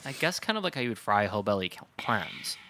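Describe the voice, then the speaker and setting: A man's voice: on the low side, big pitch swings, fast talker, pushed and bright. A man co-hosting a podcast, chatting casually and enthusiastically about cooking dishes. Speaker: podcast co-host. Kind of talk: casual food chat.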